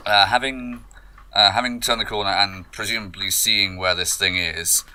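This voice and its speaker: A man's voice: on the low side, fairly even intonation, moderate pace, pushed and bright. A man playing a tabletop game, thinking his moves through aloud with many fillers. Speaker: player.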